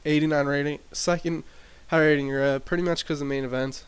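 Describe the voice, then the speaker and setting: A man casually recapping his wrestling sim game in a rambling way, with lots of fillers and restarts, talking into a desk mic turned up loud. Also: fairly high pitch, steady tone, a little fast, clean tone. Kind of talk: casual commentary over gameplay. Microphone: desk mic with boosted gain.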